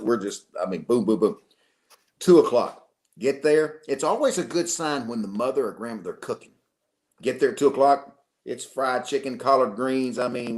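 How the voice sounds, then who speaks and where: A man from Arkansas, a football coach telling lively stories as an interview guest. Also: mid-range voice. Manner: animated storyteller, acts out quotes. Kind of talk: storytelling in a radio interview.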